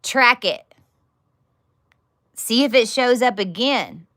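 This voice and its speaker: A woman's voice: on the high side, animated, slow, fairly bright tone. A woman giving a casual teaching talk to her followers, blunt and emphatic, swearing freely and repeating words in bursts. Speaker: spiritual teacher.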